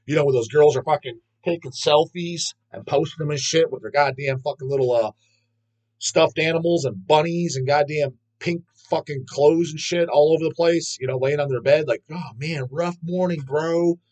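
Husky, profane man ranting. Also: on the high side, normal speed, a little mellow, rough recording. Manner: blunt, profane, opinionated. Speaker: metal channel host. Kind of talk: casual rant to camera.

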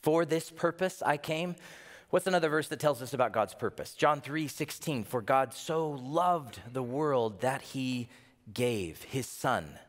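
Male pastor, mid-range voice, animated sermon delivery with rhetorical questions, long hall reverb. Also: mid-range voice, measured pace. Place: church.

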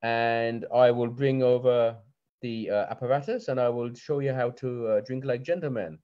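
A man's voice: mid-range voice, steady tone, natural voice. A man voicing a tall, winged fae waitress who speaks with polite, formal courtesy, heard over a lo-fi video call. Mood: courteous. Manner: politely formal, unhurried hostess.

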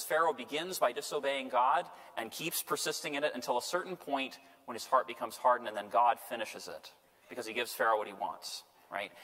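Male priest lecturer, casual teaching tone, mid pitch, reverberant hall. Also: a bit bright. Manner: conversational, checks in with "right?". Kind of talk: Bible study lecture. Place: parish lecture room.

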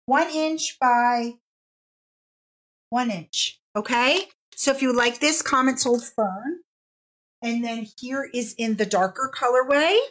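A woman's voice: on the high side, fairly bright tone. A woman hosting a casual live fabric sale stream, bubbly and chatty, stretching out each product name as she shows it.

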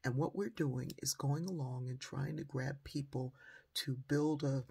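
Gravelly, husky older woman telling a story. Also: a bass voice, a little slow. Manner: animated storyteller, acts out the voices in her stories. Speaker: motivational speaker. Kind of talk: storytelling motivational talk.

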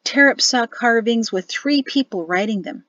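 A woman reading an audiobook, voicing a patient, affectionate wife and mother who speaks in a gently soothing, encouraging way. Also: on the high side, a little slow, no echo, muffled recording.

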